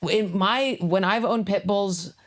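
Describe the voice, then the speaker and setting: A woman's voice: mid-range voice, slow. A young adult woman comedian, a guest on a casual podcast, telling blunt, profane stories and acting out other people's lines.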